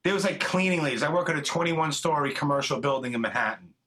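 A middle-aged podcast host with a bright, forceful voice pitched a little high. He rambles along in chummy, profane chat. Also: lively intonation, quick pace. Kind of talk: casual interview chat.

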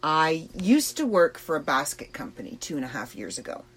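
A woman hosting a podcast, talking slowly and thoughtfully about personal struggles with pauses and fillers. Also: low-pitched, big pitch swings, a bit bright, husky. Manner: slow, reflective and emotional, with pauses and fillers. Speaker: podcast host. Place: trailer in a backyard.

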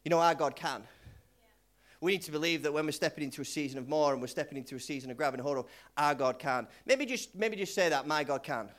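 A man's voice: fairly high pitch, quick pace, fairly bright tone. A male pastor preaching in a loose, conversational way, repeating himself and leading the congregation in call-and-response. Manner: conversational, repetitive, lots of restarts. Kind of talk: sermon.

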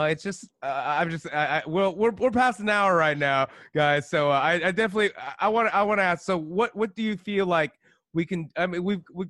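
A man's voice: a little high, a bit bright, dry recording, clean studio sound. A man hosting a casual podcast talk, hesitant and full of restarts, often tacking "man" onto his sentences. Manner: halting, restarts often, says "man" a lot. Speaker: podcast host.

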